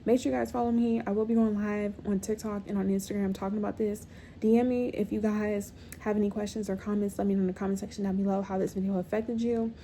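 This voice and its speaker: A woman's voice: medium pitch, steady tone, quick pace, mellow, slight background noise. A middle-aged woman giving emphatic, repetitive, direct self-help advice to her viewers. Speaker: mental health content creator. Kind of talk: motivational talk to camera.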